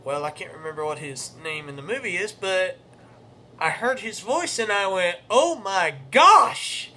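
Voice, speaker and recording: A young show host with a high voice and a sharp tone talks at a moderate pace, rambling, correcting himself, and reading verse aloud in a casual monologue. A little hiss or hum is present.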